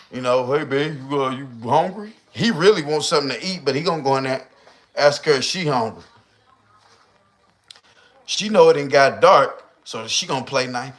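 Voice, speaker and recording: Profane, slangy man ranting on a livestream. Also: fairly high pitch. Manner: profane, slangy, animated storyteller who acts out voices. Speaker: livestream host. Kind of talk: casual ranting commentary.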